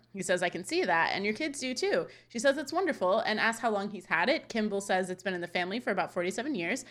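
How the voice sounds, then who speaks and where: A woman's voice: medium pitch, a bit bright. A woman co-hosting a podcast, recapping a sitcom episode scene by scene in casual chat, quoting lines and laughing often. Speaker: podcast co-host.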